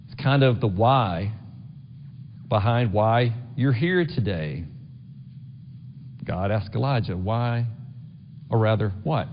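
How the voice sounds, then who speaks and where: In a church sanctuary, a middle-aged pastor preaches conversationally, often asking the congregation "right?" His lowish voice comes through a dull, long-reverb recording with slight background noise.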